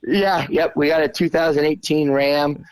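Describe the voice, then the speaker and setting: A man's voice: fairly high pitch, fairly even intonation, moderate pace, smooth, no room sound, rough recording. A man guesting on a podcast as a race champion, answering easygoingly with lots of fillers and laughs. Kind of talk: casual interview answers.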